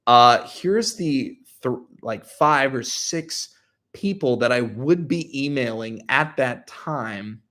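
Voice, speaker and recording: A man's voice: mid-range voice, lively intonation, takes it slowly, sharp tone. A young adult man on his channel, telling a story casually and animatedly, full of filler words. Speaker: YouTuber.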